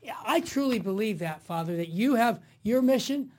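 Earnest older man, high mellow voice. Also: animated, moderate pace. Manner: earnest, eager, affirming. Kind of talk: conversational faith talk.

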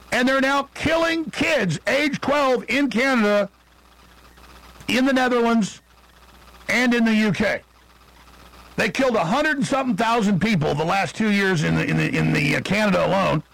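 A middle-aged man hosting a radio talk show, delivering a rambling, indignant political monologue with quick asides. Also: high-pitched, creaky, a bit bright, no echo, low-quality recording.

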